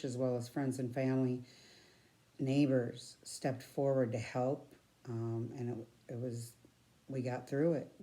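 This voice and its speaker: A woman's voice: rumbling low, dark tone. A woman giving a personal faith testimony in an earnest, reflective, conversational way. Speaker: church member giving a testimony.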